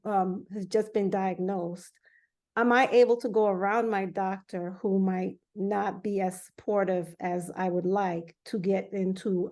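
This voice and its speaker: A woman with a mid-range voice hosts an interview. She poses earnest, searching questions and pauses briefly here and there as she works toward her point. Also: mid-range voice, a little mellow. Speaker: interview host. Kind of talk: conversational interview.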